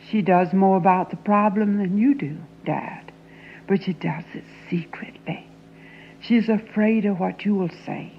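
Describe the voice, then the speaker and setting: Woman as an anguished young Southern daughter, intense, hushed whispers, low voice, very slow, dull lo-fi recording, faint hum. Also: vocal fry. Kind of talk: dramatic monologue reading.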